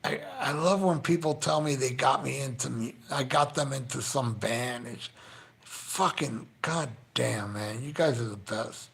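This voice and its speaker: A man's voice: medium pitch, a little slow, creaky, fairly bright tone. A man on a live stream, heartfelt and profane, choked up and near tears as he thanks his viewers. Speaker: livestreamer thanking his chat. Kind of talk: casual live-stream chat.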